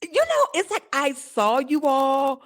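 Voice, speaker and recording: A woman's voice: high voice, big pitch swings, takes it slowly, a bit bright. A woman hosting a podcast interview in casual chat, effusive and emotional, rambling as she talks. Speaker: podcast host.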